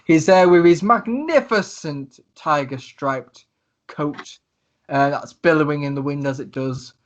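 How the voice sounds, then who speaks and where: A man's voice: on the high side, a little slow, highs cut off. A man narrating a tabletop game as game master, chatty and rambling.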